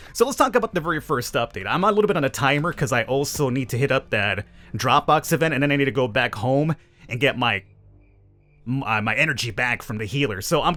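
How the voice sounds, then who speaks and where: Over game music, a gaming channel host delivers casual let's-play commentary, playful and sarcastic, tossing rhetorical questions at his viewers. His voice is medium in pitch, bright and forceful.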